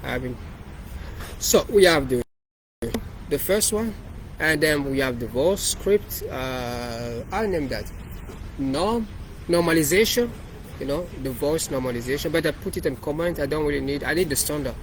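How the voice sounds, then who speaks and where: A man's voice: fairly high pitch, lively intonation, moderate pace, slight background noise, poor audio. Rambling man walking through his code. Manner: rambling, repeats and restarts phrases. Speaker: developer presenting his project. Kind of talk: casual walkthrough of code.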